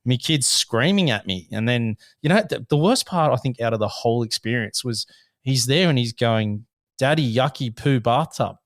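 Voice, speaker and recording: An Australian man in his thirties, a podcast host with a voice gone rough from illness, telling a story in casual chat and laughing through it. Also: mid-range voice, normal speed, fairly bright tone, dry recording, studio quality. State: hoarse from illness.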